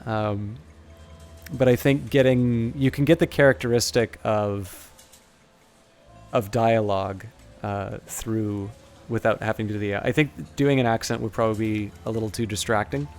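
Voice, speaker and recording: A man narrating as game master for a tabletop game livestream, talking in a halting, self-correcting way. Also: on the low side, fairly even intonation, soft background music.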